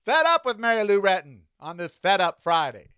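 Sassy high-voiced man ranting on a podcast. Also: big pitch swings, normal speed, bright, forceful tone, clean tone, no echo, clean studio sound. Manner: sassy, campy, calls listeners honey and child. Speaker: podcast host. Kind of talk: opinionated solo podcast rant.

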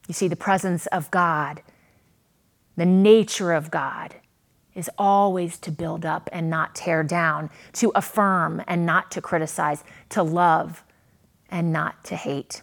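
Slow, earnest woman preaching a sermon. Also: on the low side, creaky. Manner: earnest, dramatic pauses, rises and falls in volume.

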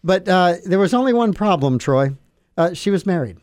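A man's voice: sits high, lively intonation, normal speed, darkish tone, smooth, dry recording, clean studio sound. A man hosting a radio talk show, telling a story in casual banter and laughing often. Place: radio studio.

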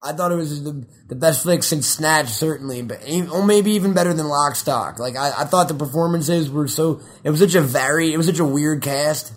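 A young man chatting casually about films, excitable and rambling, swearing often. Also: on the high side, a little fast, few pauses. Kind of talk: casual chat.

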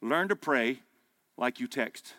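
Bright-voiced preacher man. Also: medium pitch, animated, slow pace. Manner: folksy, emphatic preaching, rising to loud peaks. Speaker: pastor. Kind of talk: sermon. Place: men's breakfast gathering hall.

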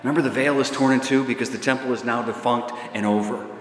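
A man's voice: mid-range voice, steady tone, fast. A man preaching a sermon in a large church, his voice swelling into emphatic runs and dropping back with filler uhs. The room is echoey with a long reverb tail. A faint hum of ambience sits underneath. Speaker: priest.

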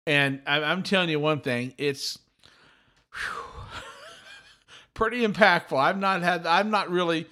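Excited, talkative middle-aged podcast host. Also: male voice, on the high side, takes it slowly, pauses often. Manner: animated, talkative, repeats himself. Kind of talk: excited casual chat.

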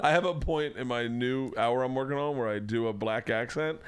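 A man's voice: medium pitch, normal speed, smooth, dry recording. Rambling swearing man hosting a chat. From Tampa, Florida. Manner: rambling storyteller, swears freely. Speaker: podcast host. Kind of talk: casual chat.

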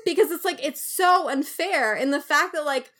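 A woman's voice: high-pitched, moderate pace, a bit bright. A woman co-hosting a podcast in casual chat, ranting animatedly with lots of fillers. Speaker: podcast co-host.

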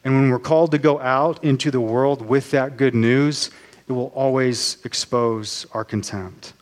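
A man preaching a sermon as pastor, earnest and measured, slowing down on key phrases. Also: medium pitch, fairly even intonation.

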